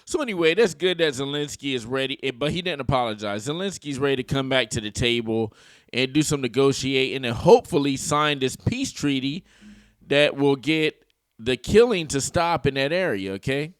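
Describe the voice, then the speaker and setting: A man's voice: mid-range voice, lively intonation, normal speed, dry recording, studio quality. A man giving casual, opinionated political commentary for his channel, slangy and full of joking asides. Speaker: YouTube commentator.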